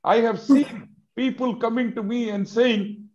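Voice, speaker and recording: A man's voice: very high-pitched, steady tone, measured pace, highs cut off. A man with an Indian English accent, speaking emphatically in a discussion and firing off rhetorical questions. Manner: emphatic, rhetorical questions, rising to loud outbursts. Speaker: business advocate in a televised discussion. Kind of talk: impassioned discussion.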